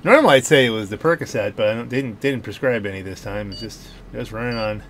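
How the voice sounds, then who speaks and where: A gaming channel host races while joking his way through casual let's-play commentary, talking to himself into a home gaming microphone that clicks audibly. His voice is on the low side, quick and a bit bright, over a noisy background of car and game sounds.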